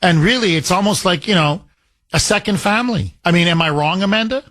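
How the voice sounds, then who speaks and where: A middle-aged man hosting a talk radio show, taking callers in an animated, emphatic, rambling way. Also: sits high, fairly quick, no echo. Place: radio studio.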